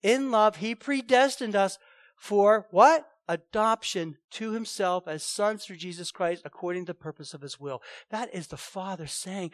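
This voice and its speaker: Man, pastor, emphatic animated sermon, repeats himself, high voice, dry sound. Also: normal speed, no room sound.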